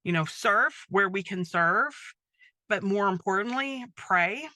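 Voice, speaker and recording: A woman's voice: medium pitch, expressive, a little slow, pushed and bright, no echo. A middle-aged woman hosting a faith-based podcast, talking casually with lots of fillers and asides. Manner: chatty, many fillers like "um" and "like". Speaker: podcast host.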